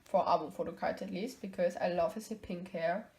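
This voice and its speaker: A young woman with a soft, mellow voice chatting casually in a vlog. She rambles, hesitates often with ums, and corrects herself as she goes. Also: fairly low pitch, moderate pace. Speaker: vlogger showing her collection. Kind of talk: casual chat.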